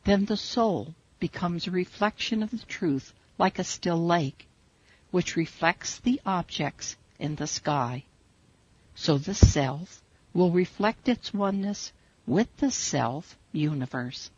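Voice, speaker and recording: A woman teaching a spiritual meditation, guiding listeners in slow, measured, soothing instructions. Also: on the low side, lively intonation, darkish tone, husky, dry recording. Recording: dull lo-fi recording.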